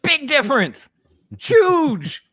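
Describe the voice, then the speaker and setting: A man's voice: extremely high pitch, sing-song, slow, a bit bright. A man co-hosting a wrestling podcast, ranting with lots of cursing and mock voices in a casual debate. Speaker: podcast co-host. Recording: online stream.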